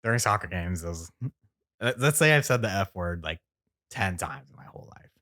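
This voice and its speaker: A man's voice: low voice, expressive, moderate pace, sharp tone. A young man co-hosting a podcast in casual chat, laid-back and laughing often as he tells stories. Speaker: podcast co-host. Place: indoors at his parents' house.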